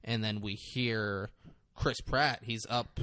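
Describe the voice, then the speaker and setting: A man's voice: on the low side, steady tone, takes it slowly, bright, forceful tone, dry recording. A man co-hosting a comedy podcast, recapping a movie in a rambling, profane way and acting out the scenes. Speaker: podcast co-host.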